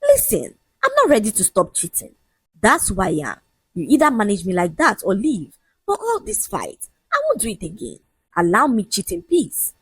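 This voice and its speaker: A woman's voice: medium pitch, huge pitch swings, slightly rough, no room sound, heavily acted. A woman voicing an arrogant, dismissive young man who mocks and lectures his fiancée. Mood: mocking. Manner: mocking, lecturing, raised and quick.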